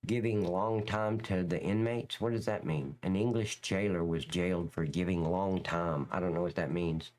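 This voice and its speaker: A middle-aged man, a former police officer, ranting bluntly and crudely as he chats with viewers on a livestream, his pitch swinging up and down. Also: normal speed, few pauses, a little mellow. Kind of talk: casual livestream chat reacting to viewers.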